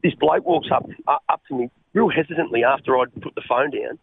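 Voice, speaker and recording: An Australian man telling his life story as a radio guest, halting and repeating words as he speaks. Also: mid-range voice, vocal fry, slight background noise. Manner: halting, repeats words, calls the host mate. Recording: tinny phone line.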